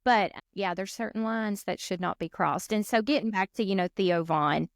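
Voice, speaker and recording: Animated woman podcast co-host, dry close sound. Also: medium pitch, normal speed, no echo. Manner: animated storyteller, acts out quoted voices. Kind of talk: casual chat.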